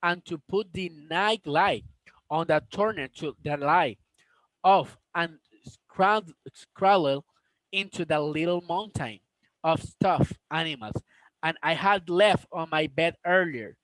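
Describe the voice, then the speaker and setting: A man reads a novel aloud at a slow, deliberate pace, sometimes tripping over words and starting them again. His voice sits fairly high, and it is recorded dry and close, with no echo. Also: fairly bright tone. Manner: slow, careful reading with stumbles and restarts. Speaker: storybook reader. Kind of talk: reading a novel aloud with asides to viewers.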